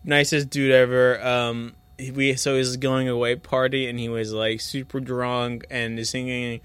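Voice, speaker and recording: A man's voice: medium pitch, little pitch movement, a little slow, fairly bright tone, clean tone, no room sound. A man in casual chat, rambling through a story with frequent laughter.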